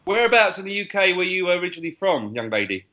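A man's voice: high voice, very animated, fast, sharp tone, muffled recording. A man, hosting a podcast over a video call and teasing his guest in a joking way. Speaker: podcast host. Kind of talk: casual chat.

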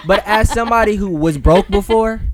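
A man's voice: high-pitched, fairly quick, crowd noise. A man in a casual group discussion, insistent, repeating himself to keep the floor. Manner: insistent, keeps repeating "listen" to hold the floor.

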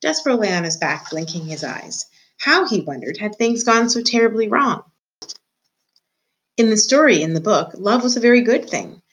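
A woman teacher reading a children's book aloud to her students in a clear, expressive, measured way. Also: medium pitch, poor audio.

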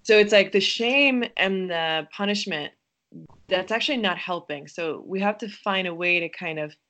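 A woman guest on a podcast, talking in a gentle, thoughtful way and often pausing to find her words. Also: mid-range voice. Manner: gentle and thoughtful, with frequent hesitations. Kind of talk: reflective podcast conversation.

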